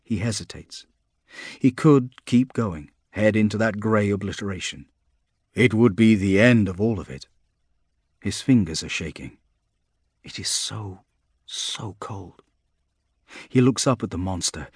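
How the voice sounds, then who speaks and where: A man narrating a story in a measured, somber way, with a husky voice. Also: fairly low pitch, a little mellow, dry recording, clean studio sound. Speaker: audiobook narrator. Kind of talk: scripted narration.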